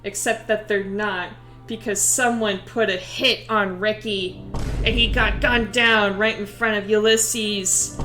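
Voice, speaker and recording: Slow-talking, giggly woman streamer. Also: mid-range voice, echoey room, over music. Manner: crude, giggly, animated. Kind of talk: casual story retelling.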